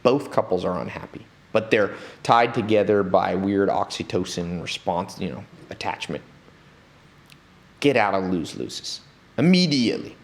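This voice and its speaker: A man talking as an interview guest in a studio, telling stories in an animated way and acting out the people he quotes. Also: on the low side. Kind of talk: storytelling interview talk.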